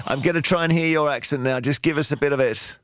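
A man's voice: fairly high pitch, fast talker, fairly bright tone, clean tone, dry recording, studio quality. A middle-aged man hosting a radio phone-in, curious and chatty, drawing out his questions. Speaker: radio host.

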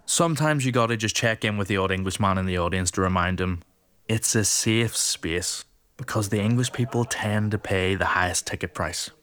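A man with a Northern Irish accent giving calm, dry voice-over commentary on his own stand-up show. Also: lowish voice, normal speed. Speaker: comedian.

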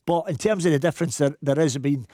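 A man's voice: fairly high pitch, quick pace, no room sound, studio quality. A man with a Glasgow accent, a football coach telling a funny story in a casual chat. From Scotland. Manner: lively anecdotal storyteller.

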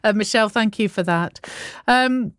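A woman's voice: medium pitch, moderate pace, clear, resonant tone, no room sound. A woman presenting a radio show in a chatty way, reading out listener messages at a studio microphone. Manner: chatty and warm-hearted, reads out listener messages.

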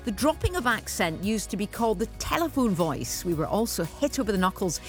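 A woman's voice: medium pitch, big pitch swings, a little fast, faint music behind. A woman with a Yorkshire accent presenting a morning radio phone-in, chatty and reading out listener texts. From England. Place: radio studio. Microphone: studio microphone.

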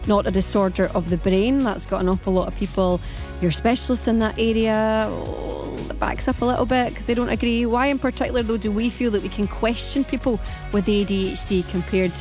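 A woman hosts a morning radio phone-in, chatting away, firing off rapid questions to listeners and reading out phone numbers. Her mid-range voice holds a steady tone, with music playing behind her.

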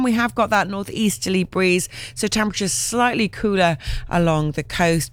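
A woman reading the radio weather forecast in a steady, measured way. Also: lowish voice, no echo. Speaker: weather presenter.

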